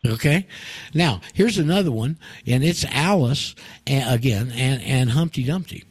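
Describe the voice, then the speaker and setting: A man's voice: mid-range voice, animated, a little slow, slightly rough, no room sound. A man hosting a call-in radio show, telling a story in a rambling way with many fillers and restarts. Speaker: radio host.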